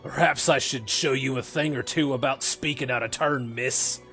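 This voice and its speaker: A man's voice: mid-range voice, fairly even intonation, moderate pace, creaky, husky, soft background music. Man playing a furious, threatening dwarf. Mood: menacing. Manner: loud, threatening, growling outbursts. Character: hot-tempered male dwarf adventurer, sore loser.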